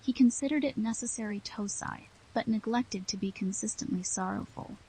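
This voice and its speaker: A woman narrating a classic novel in the first person, with a steady, somber reading. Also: mid-range voice, normal speed, hardly any pauses, slight background noise, poor audio. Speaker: audiobook narrator.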